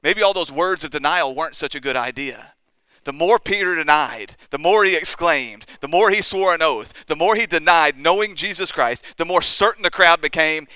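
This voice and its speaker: Man, pastor, earnest sermon delivery, slightly higher voice, dry close sound. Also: animated, normal speed, bright, forceful tone, clean tone, no room sound. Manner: earnest preaching with dramatized quotes, rising to emphatic outbursts.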